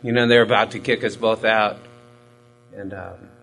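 A man's voice: on the low side, fairly even intonation, moderate pace, creaky, fairly bright tone, poor audio. Profane, rambling man telling his story. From Hispanic military family background. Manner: profane, rambling, self-mocking with frequent fillers. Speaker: recovery storyteller. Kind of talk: candid personal testimony.

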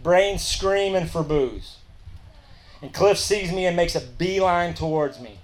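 A man's voice: on the high side, measured pace. A man telling his recovery story at a meeting in a candid, colloquial and emphatic way.

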